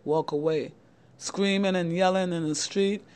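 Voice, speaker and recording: Her voice is fairly low and a little mellow, steady in tone and unhurried. A middle-aged channel host, she speaks straight to the camera, giving young men earnest, repetitive motivational advice and often calling them "guys."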